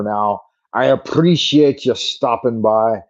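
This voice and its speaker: Mellow man with a mock Irish lilt. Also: fairly low pitch, measured pace. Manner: rambling, thanks viewers by name. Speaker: livestream host. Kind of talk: casual late-night livestream chat. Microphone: camera mic. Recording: slightly muffled lo-fi stream audio.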